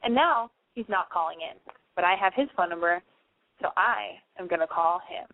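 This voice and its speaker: A woman's voice: lowish voice, moderate pace. A woman hosting a casual call-in advice radio show, chatty and frank, swearing freely. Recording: dry, phone-like narrow band.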